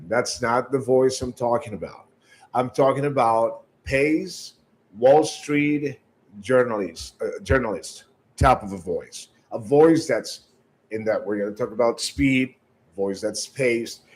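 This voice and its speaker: A man's voice: mid-range voice, rough recording. A man teaching sales callers in a coaching tone, often stumbling over repeated words and checking in with "right?". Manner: coaching, direct advice. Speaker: sales trainer. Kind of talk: instructional talk on sales calls.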